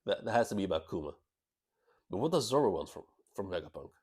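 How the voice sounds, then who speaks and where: A man with a somewhat low voice reacts live to a new comic chapter. He is excitable and laughs easily, often stumbling and restarting words mid-thought. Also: fast talker, husky. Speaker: channel host reacting to a manga chapter. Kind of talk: live reaction, reading aloud and commenting.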